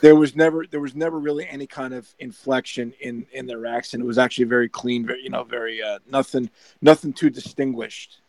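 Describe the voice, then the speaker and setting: A man in a casual group chat who talks haltingly, repeating words as he searches for them. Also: mid-range voice, steady tone, darkish tone, dry recording.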